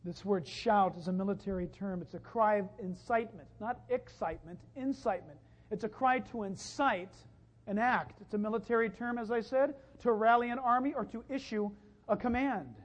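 A man preaching a sermon as pastor, animated and punchy, with emphatic rises and wry jokes. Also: high-pitched, normal speed. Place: church sanctuary. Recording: lo-fi, dull, long reverb from a church hall.

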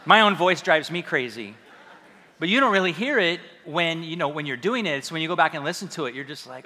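A man's voice: a little high, lively intonation, fast, sharp tone. A male pastor preaching a sermon in a conversational, self-deprecating, humorous way, recorded in a church hall. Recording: reverberant hall sound.

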